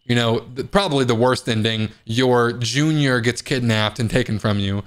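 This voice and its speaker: A gaming video host does casual let's play commentary on a horror game, joking around and bursting out in panic. He speaks at medium pitch and a moderate pace.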